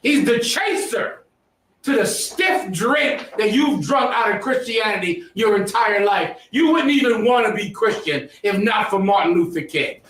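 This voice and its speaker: A man's voice: sits high, lively intonation, a little slow, a bit bright. A man teaching a history class, lecturing emphatically and quizzing his students. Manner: emphatic, preachy, asks the class questions. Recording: echoey room, mic far off.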